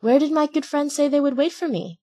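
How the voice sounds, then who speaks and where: Pinocchio, a high eager puppet boy, as a woman reads him. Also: a little fast, dark tone, close to an everyday voice. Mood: disappointed. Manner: insistent, stubborn.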